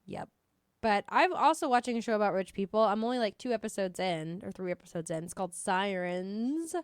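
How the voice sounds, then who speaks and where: Relaxed, wry woman podcaster. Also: medium pitch, a little fast, clear, resonant tone, dry recording, studio quality. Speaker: podcast co-host. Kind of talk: casual chat.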